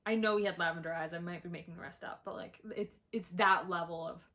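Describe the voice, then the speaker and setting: A young woman reviewing books she disliked, talking bluntly, swearing and laughing between animated outbursts. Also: on the low side, fast talker. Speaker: book vlogger. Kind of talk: ranting book review.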